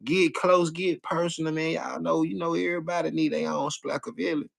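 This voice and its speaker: A man's voice: a little high, steady tone, brisk, gravelly. A man hosting a casual live stream, chatting loosely with viewers in slang and repeating his phrases over and over. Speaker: livestream host.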